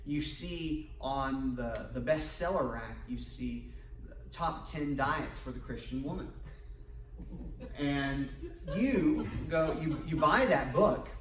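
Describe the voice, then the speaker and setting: A husband co-leading a church marriage workshop, halting and full of restarts, getting animated in his stories. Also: medium pitch, noisy background. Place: church hall. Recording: echoey room, far from the mic.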